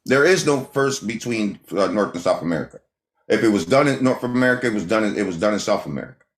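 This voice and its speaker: A man's voice: lowish voice, expressive, fast. A man hosting a casual livestream monologue, talking emphatically, repeating phrases and firing rhetorical questions at the chat. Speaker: livestream host. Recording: echoey room sound.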